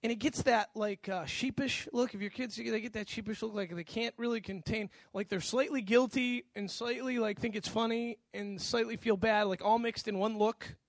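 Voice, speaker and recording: A man with a notably high voice preaches, spinning a personal story with animated acted-out lines. The sound is dry and close, with no room echo. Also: moderate pace, hardly any pauses. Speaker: pastor.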